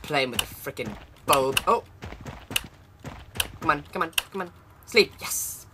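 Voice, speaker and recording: A man's voice: on the high side, lively intonation, unhurried. Man playing a horror game, jokey commentary, talks back at the game, swears, noisy recording.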